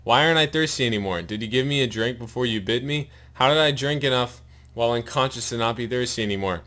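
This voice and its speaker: A man with a sore mouth voicing a parched, bewildered stranded man who croaks out questions in a storybook reading. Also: mid-range voice, quick pace, pushed and bright, lightly acted. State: sore mouth after wisdom tooth removal.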